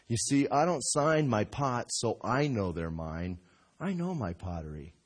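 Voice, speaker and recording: A middle-aged man preaching a sermon in a church, telling folksy stories and acting out voices with big jumps in pitch and loudness. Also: slightly rough. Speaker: pastor.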